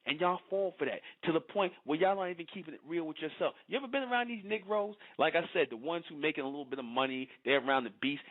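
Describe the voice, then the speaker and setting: Confrontational man on tinny phone audio. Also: fairly high pitch. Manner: confrontational, repeats "you understand?". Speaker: online speaker addressing followers. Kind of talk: preachy monologue.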